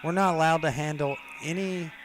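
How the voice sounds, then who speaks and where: A man's voice: a little high, steady tone, brisk, background noise, pitched above the performer's own voice, natural voice. A man doing a brash female store clerk. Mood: breezy. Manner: brash, matter-of-fact. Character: blunt sassy female store coworker.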